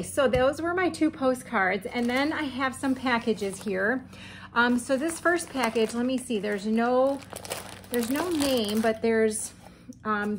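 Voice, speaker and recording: A woman chats to her camera at home, gushing over her mail with lots of ums and little laughs. Her voice sits a touch high, and a faint hiss of room noise lies under it. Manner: chatty and gushing, with frequent ums and light laughs. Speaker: crochet vlogger. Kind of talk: casual chat to camera. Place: home room with setting sun through the window.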